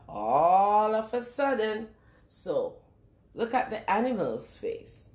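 A woman reading a picture book aloud to young children in a lively sing-song way, stopping often to ask them questions. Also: mid-range voice, slow pace, echoey room. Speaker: children's storyteller.

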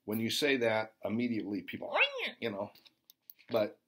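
A man's voice: on the low side, steady tone, moderate pace, fairly bright tone, slight background noise. A man preaching and telling of a vision, with emphatic, fervent exhortation. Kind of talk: sermon testimony.

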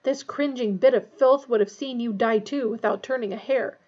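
Fierce snarling male wizard read by a woman, husky and gravelly, dull lo-fi sound. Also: on the high side, normal speed, darkish tone, natural voice. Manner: snarling, harsh. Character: adult male wizard, fierce escaped prisoner.

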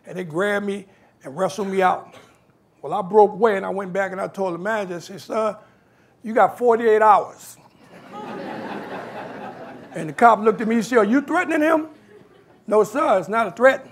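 A man's voice: sits high, fairly quick, breathy edge. A man, telling stories from his life as a guest speaker and acting out the voices of people in them. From New York. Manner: animated, acts out quoted voices. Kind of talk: storytelling talk.

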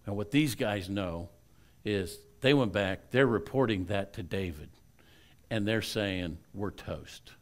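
A male pastor preaching a sermon, retelling a Bible story with lively swings between loud and hushed delivery and chatty asides to the congregation. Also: fairly low pitch, a little slow.

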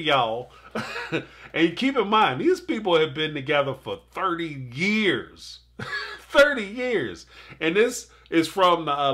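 A man's voice: a little high, bright, forceful tone. A man hosting a live stream, chatting casually and animatedly about a reality show, talking straight to his audience and laughing often.

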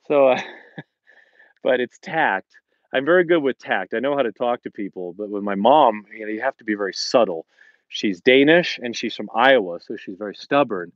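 A man's voice: medium pitch, animated, brisk, no echo, muffled recording. A middle-aged man who hosts and teaches fitness, chatting casually on a live stream in a rambling way and acting out the lines he quotes. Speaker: fitness instructor and host. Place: home in the Colorado mountains.

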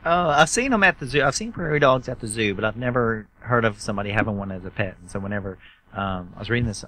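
A man with a Southern US accent hosts an interview in a bright, forceful voice. He talks in an enthusiastic, chatty way, rambling on between questions. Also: on the low side, fast, slight background noise. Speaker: host. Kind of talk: talk show interview.

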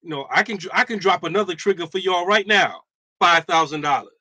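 A man on an imams' panel, talking in an animated, joking way with lots of rhetorical asides. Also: sits high, fairly quick, dry recording. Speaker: imam on a roundtable. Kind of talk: casual panel discussion.

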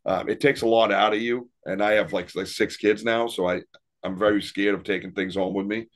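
A paranormal investigator appears as a guest on a podcast, telling stories in a casual interview. His voice is fairly low and steady, and he talks briskly, rambling and laughing often.

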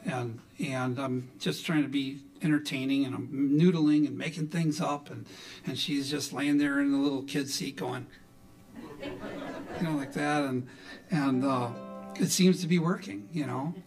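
With faint music in the background, a middle-aged folk musician from Milwaukee speaks at medium pitch and normal speed. On stage between songs, he wanders through a folksy tale, leaning heavily on "you know."

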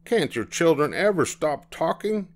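A man putting on a pompous, fussy gentleman. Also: on the high side, very animated, moderate pace, voice pushed up. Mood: irritated. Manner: pompous and irritated. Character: fussy, stuffy gentleman passenger. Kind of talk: storybook reading.

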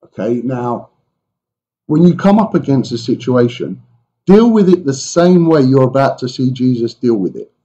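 A pastor gives a conversational sermon to his congregation, his voice warm and mellow. He speaks with animated asides to the people in front of him. The church recording sounds muffled and lo-fi. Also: medium pitch, normal speed.

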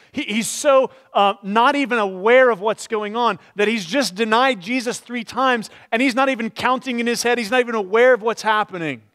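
In a church, a man with a high voice delivers a sermon as pastor. He tells the story with expression, then turns quiet and slow whenever things grow solemn.

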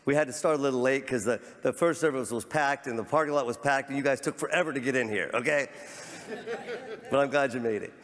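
A man's voice: medium pitch, fast, hardly any pauses. Fervent male pastor in an echoing sanctuary. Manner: fervent, repeats words, rises to near shouts. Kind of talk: sermon. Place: large church sanctuary. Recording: long church hall reverb.

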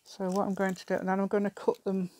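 A woman's voice: mid-range voice, monotone, fast talker, warm tone, a little hiss or hum. A middle-aged woman with an English accent chats casually while crafting at her table, rambling, thinking aloud and often laughing. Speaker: craft vlogger. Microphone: camera on the table.

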